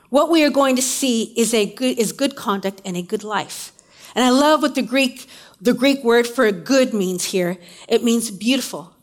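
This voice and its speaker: New woman preacher, chatty sermon delivery, somewhat high pitch. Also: moderate pace. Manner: conversational, uses casual asides and fillers.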